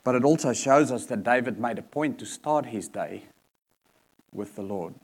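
A man's voice: medium pitch, animated, normal speed. A man preaching a sermon in an earnest manner, repeating key points for emphasis.

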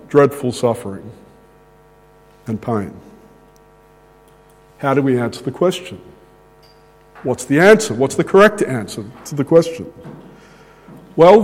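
A man preaching a sermon in a slow, deliberate way with dramatic pauses. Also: fairly high pitch, a little mellow. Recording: long hall reverb.

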